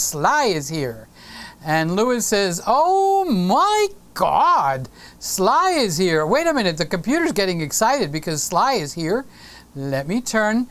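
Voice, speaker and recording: Slow-talking playful woman hosting a live stream. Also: mid-range voice. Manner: playful and teasing, breaks into sung snippets. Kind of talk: casual live-stream chat, reading viewer comments aloud.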